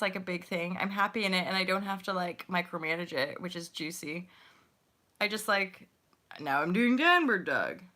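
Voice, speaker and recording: A woman's voice: mid-range voice, pushed and bright. A woman in her forties hosting a casual livestream chat, talking in a playful, slangy way and laughing often. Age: 40s. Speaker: livestream host.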